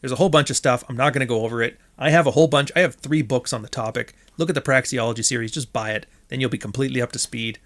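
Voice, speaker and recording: A man's voice: mid-range voice, steady tone, very fast, hardly any pauses, fairly bright tone. Rambling Canadian man hosting a stream. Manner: rambling, blunt, swears freely. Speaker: stream host. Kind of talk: casual livestream commentary.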